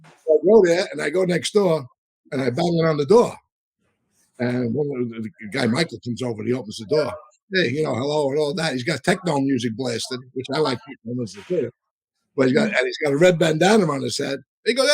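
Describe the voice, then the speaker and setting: A man's voice: medium pitch, a little fast, creaky, husky, no room sound, low-quality recording. A man telling long, rambling stories in a casual, profane way, full of restarts and asides, on a live show. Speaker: podcast co-host and storyteller.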